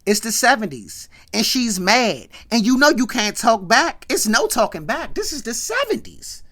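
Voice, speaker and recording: A woman's voice: a little high, sing-song, measured pace, fairly bright tone. A woman giving a chatty, slangy recap of an old sitcom episode, with asides to her viewers. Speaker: vlogger.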